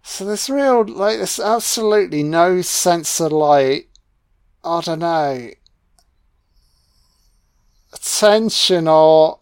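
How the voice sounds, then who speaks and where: A man's voice: sits high, smooth, no room sound, clean studio sound. A man with a British accent giving an audio commentary on a film, mocking it with sarcastic, heavily profane riffs.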